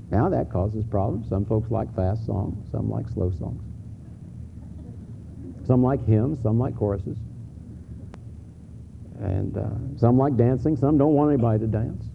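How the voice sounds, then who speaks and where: A man's voice: medium pitch, expressive, unhurried, creaky, long pauses. A middle-aged man, a pastor, preaching a sermon in a candid, conversational way, stumbling over restarts and rising to emphatic peaks. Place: church sanctuary. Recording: phone-like lo-fi sermon recording with faint hiss.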